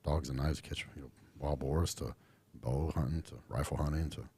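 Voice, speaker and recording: A man's voice: rumbling low, fairly even intonation, normal speed, dark tone, breathy edge. A middle-aged man from Texas, a podcast guest talking casually with a laid-back drawl and lots of fillers. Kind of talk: casual interview chat.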